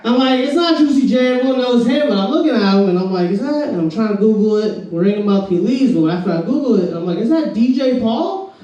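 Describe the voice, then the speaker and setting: Stand-up comic from Florida, Southern accent, very high male voice, loose rambling delivery, echoey room, distant mic. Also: lively intonation, quick pace, dark tone. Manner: rambling, laid-back, keeps saying "bro". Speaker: stand-up comedian. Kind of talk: stand-up comedy set. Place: comedy club stage.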